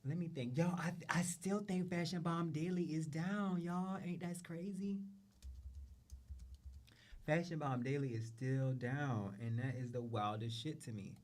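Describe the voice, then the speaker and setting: A man's voice: fairly high pitch, a little slow, a little mellow. A man hosting a show, talking casually and profanely about runway looks, repeating phrases and trailing off. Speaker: show host. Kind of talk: casual fashion commentary.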